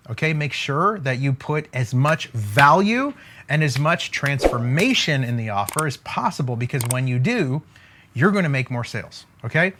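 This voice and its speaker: This male speaker sits on the higher side, with a fairly bright tone. Teaching business like a motivational coach, he speaks with emphasis, leans on repeated catchphrases, and keeps checking in with "okay?" while sketching on a board.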